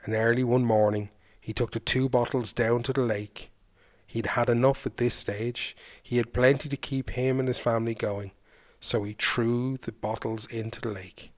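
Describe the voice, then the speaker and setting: A man's voice: medium pitch, steady tone, moderate pace. A man hosting a podcast, narrating a folk tale and then chatting reflectively about it. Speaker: folklore podcast host. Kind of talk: storytelling narration.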